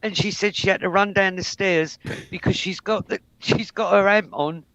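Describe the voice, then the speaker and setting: A man co-hosting a live-streamed talk show, calmly chiming in and teasing the host. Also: sits high, normal speed, no echo, lo-fi sound. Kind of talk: casual chat on a live stream.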